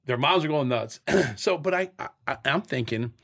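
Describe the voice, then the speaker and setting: A man's voice: medium pitch, moderate pace, vocal fry. A middle-aged man, an interview guest, telling his stories candidly, with profanity and sound effects. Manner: profane, blunt, animated storyteller acting out scenes. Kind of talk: candid storytelling in a sit-down interview.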